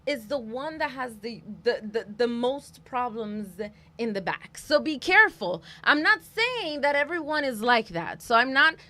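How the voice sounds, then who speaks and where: A woman's voice: on the high side, sing-song, measured pace, few pauses, bright, forceful tone. A woman guest coach in a casual conversation, earnest and cautionary, speaking from experience.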